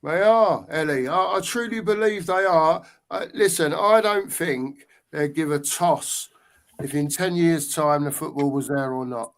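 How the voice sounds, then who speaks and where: A man hosting a casual livestream chat. He speaks bluntly and earnestly and now and then pauses to hunt for a word. His voice sits a little high for a man. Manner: blunt, earnest, searches for words. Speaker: host.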